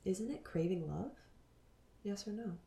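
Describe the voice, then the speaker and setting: A woman in her thirties hosting a spiritual podcast, talking earnestly and dropping into soft whispers. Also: mid-range voice, lively intonation, a little slow, gravelly, roomy sound. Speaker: podcast host.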